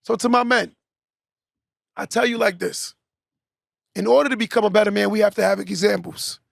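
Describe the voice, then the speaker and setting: A man's voice: high voice, fairly even intonation, moderate pace, gravelly, no echo, studio quality. A young man hosting a podcast, delivering a preachy motivational monologue and tagging points with "right?". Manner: preachy, repeats "right?" as a tag. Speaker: podcast host.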